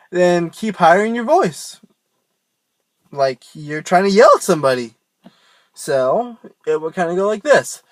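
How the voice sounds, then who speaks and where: A young man walks through screaming technique in a slow, unhurried drawl. His voice sits a little high for a man, and he rambles and pokes fun at himself. The small room around him sounds dry and close. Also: lively intonation, no room sound. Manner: rambling, self-mocking, loose and informal. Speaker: scream vocal tutor. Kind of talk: casual home tutorial.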